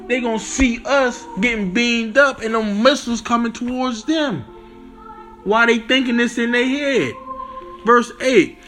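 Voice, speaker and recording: A man preaching on scripture, reading verses slowly, then explaining them in loose street slang. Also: extremely high pitch, pushed and bright, soft background music. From Florida.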